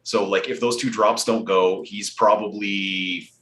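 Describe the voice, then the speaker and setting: A man's voice: on the low side, fairly even intonation, measured pace, bright, forceful tone. A man co-hosting a casual sports podcast, blunt and matter-of-fact. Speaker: podcast co-host.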